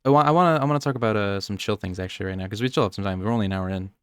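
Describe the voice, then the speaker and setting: He's a young American man co-hosting a podcast, talking very fast in a rambling, nerdy way and often interrupting himself mid-sentence. His fairly low voice has a clean, fairly bright tone. It's studio-quality audio with no room sound.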